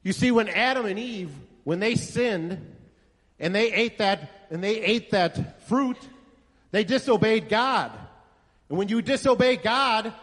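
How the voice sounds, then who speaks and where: A man's voice: high voice, a bit bright. A male pastor preaching a sermon to a congregation, telling a story and asking rhetorical questions with emphasis. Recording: echoey hall reverb.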